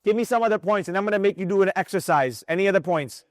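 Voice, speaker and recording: High voiced guy teaching a trading class, hypes it up, keeps quizzing the students, dry sound. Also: very fast, no room sound. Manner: energetic, fires rhetorical questions at students. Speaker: trading instructor. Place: room with students present.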